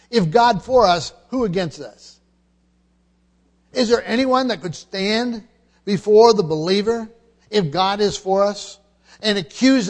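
Emphatic high-voiced male preacher. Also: in a large hall. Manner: emphatic, repeats key phrases, frequent restarts. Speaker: pastor. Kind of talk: expository sermon.

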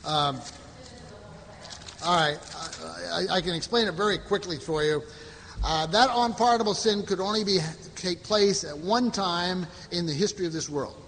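A man with a high voice leads a Bible study, reading verses and explaining them in a plain, unhurried way. He stops often for fillers and restarts. The sound carries a long reverb, as in a large hall. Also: fairly bright tone, a little hiss or hum. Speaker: Bible teacher.

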